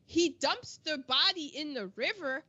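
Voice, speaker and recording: A woman co-hosting a casual film discussion, telling the plot in an animated, exclamatory way and throwing in slang. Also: sits high, unhurried, highs cut off. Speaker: podcast co-host.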